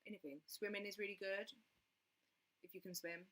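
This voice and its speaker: A woman's voice: medium pitch, fairly even intonation, normal speed, a bit bright. A woman chatting casually on a livestream as its host, rambling with lots of fillers.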